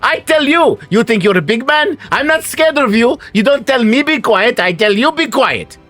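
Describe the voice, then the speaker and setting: Man voicing a feisty pint-sized cottage woman, high and shrill, tabletop game. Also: very animated, moderate pace, a bit bright, soft background music. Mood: furious. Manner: shrill, scolding, defiant. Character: feisty small woman cottager, indignant, scolding.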